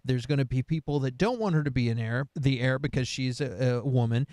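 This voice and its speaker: A man's voice: medium pitch, fairly quick, a little mellow, no room sound, clean studio sound. A man co-hosting a casual pop-culture chat, rambling with many fillers and frequent laughs. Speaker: podcast co-host.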